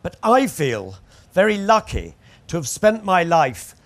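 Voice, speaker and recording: A man's voice: sits high, big pitch swings, a little slow, fairly bright tone. A man narrating his memoir aloud with wry, anecdotal storytelling. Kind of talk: audiobook memoir reading.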